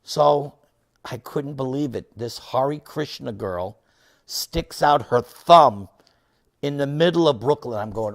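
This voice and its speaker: Man, 60s, unhurried lecture storyteller who shifts between loud and soft. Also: mid-range voice, lively intonation. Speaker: devotee lecturer.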